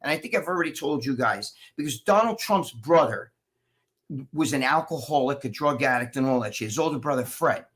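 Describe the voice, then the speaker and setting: A man chatting casually on a livestream, telling animated, profanity-laced stories as co-host over a video call. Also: medium pitch, a little fast. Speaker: show co-host.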